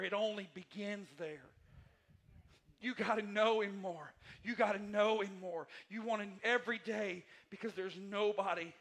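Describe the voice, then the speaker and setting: A man preaching a sermon as pastor in a church, repeating his phrases emphatically and moving between quiet and loud passages. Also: sits high. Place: church sanctuary.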